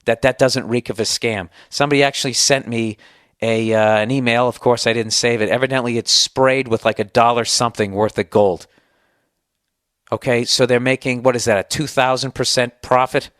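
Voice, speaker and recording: A man's voice: medium pitch, steady tone, moderate pace, a bit bright, no room sound. Sarcastic ranting American man, dry sound. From United States. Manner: sarcastic, profane, exasperated ranting. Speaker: podcast host. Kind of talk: comedic podcast rant.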